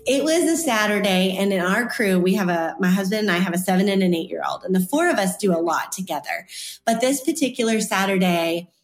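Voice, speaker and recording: A woman guest author telling a personal story in an animated, chatty way during an interview. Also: mid-range voice, brisk, faint music behind. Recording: roomy echo.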